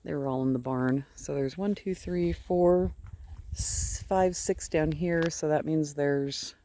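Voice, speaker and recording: A woman's voice: low voice, takes it slowly, dark tone. A woman filming a casual vlog outdoors by a pasture, chatting and cooing at her sheep in a sing-song voice. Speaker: sheep farmer. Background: faint sheep bleats.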